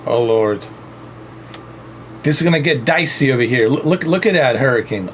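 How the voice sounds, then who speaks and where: A man's voice: mid-range voice, expressive, moderate pace, long pauses, slight background noise. A man giving casual, joking commentary while playing a flight game, exclaiming to himself. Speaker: gaming streamer.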